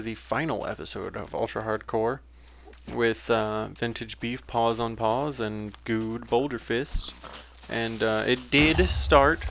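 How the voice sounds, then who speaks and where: A man's voice: fairly low pitch, a bit bright, a little hiss or hum. A young man giving casual, rambling commentary while playing a game, with frequent fillers and self-corrections. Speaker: let's play gamer.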